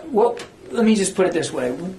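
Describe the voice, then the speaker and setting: A man's voice: high voice, lively intonation, brisk, noisy background. A man speaking as a government spokesman, answering reporters' questions at a press briefing in an earnest, emphatic way, sometimes searching for words. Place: briefing room. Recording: echoey briefing room.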